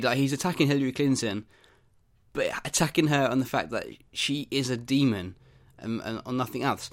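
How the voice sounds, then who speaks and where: A man hosts a comedy news podcast in a casual, wry tone. He chats along with a sarcastic edge in an ordinary mid-pitched voice. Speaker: podcast host. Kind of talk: casual topical commentary.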